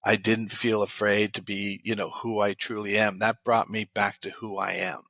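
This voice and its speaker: Bright-voiced man telling client stories. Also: lowish voice, little pitch movement, moderate pace, no room sound. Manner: retells client stories with many quoted lines. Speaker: guest expert. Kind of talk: interview storytelling.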